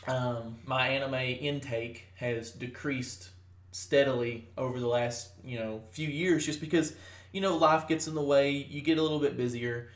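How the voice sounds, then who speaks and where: A man's voice: medium pitch, steady tone, normal speed, echoey room. A young man in his twenties co-hosting a casual podcast, rambling with fillers and restarts. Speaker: podcast co-host. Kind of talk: casual chat.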